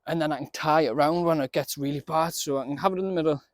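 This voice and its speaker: A man's voice: on the high side, fairly even intonation, quick pace, no room sound, studio quality. A man giving a casual, chatty running commentary while he works on his allotment garden outdoors, often laughing and talking to himself.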